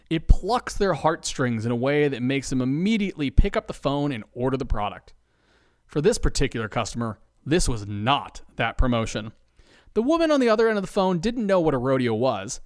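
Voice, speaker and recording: A man narrating a comic tale with a lively, bouncing pitch and deadpan asides. His voice sits in a middle range and is recorded dry and close. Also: no room sound. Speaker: podcast narrator. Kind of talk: scripted comedic narration.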